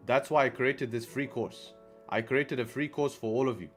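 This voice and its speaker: A man hosts a live trading stream at a normal pace, his mid-range voice fairly even in intonation, soft music in the background. Chatty and relaxed, he keeps asking "right?" and slips in profanity.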